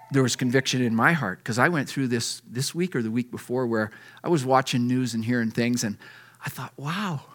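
A man's voice: medium pitch, fairly bright tone. A middle-aged man preaching a folksy sermon, reading scripture aloud and acting out the lines. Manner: folksy and conversational. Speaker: pastor.

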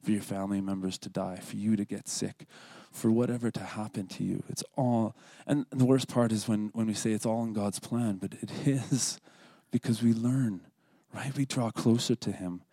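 A man's voice: on the low side, steady tone, moderate pace, hardly any pauses, dark tone, no room sound. A man giving an earnest, scripted devotional talk at a church service, sometimes dropping to a whisper for prayers. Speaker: lay speaker at a church service.

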